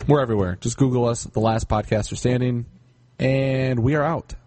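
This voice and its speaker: A man's voice: mid-range voice, fairly even intonation, normal speed, a little mellow, no echo. A man hosting a comedy podcast, joking around and reading out the sign-off. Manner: jokey, laughing, signs off the show. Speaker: podcast host. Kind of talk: casual comedy podcast banter.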